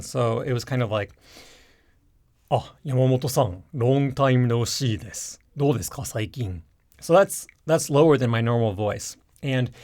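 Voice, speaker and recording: Gravelly-voiced man explaining casually. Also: mid-range voice. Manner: relaxed, rambling, frequent fillers and restarts. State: stuffed up nose from hay fever. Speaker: YouTube language teacher. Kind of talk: casual explanatory talk to camera.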